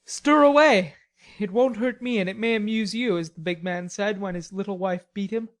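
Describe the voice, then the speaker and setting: A woman reading an audiobook, voicing an idle, teasing young gentleman with drawling, mock-polite banter. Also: medium pitch, fairly even intonation, fairly quick, lightly acted. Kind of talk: audiobook character voice.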